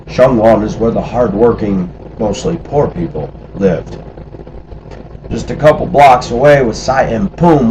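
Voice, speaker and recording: A man's voice: on the low side, background noise. A middle-aged man casually telling stories from his life abroad, acting out the voices of people he quotes. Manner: animated, acts out quoted voices. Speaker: storyteller recalling life abroad. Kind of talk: casual spoken storytelling.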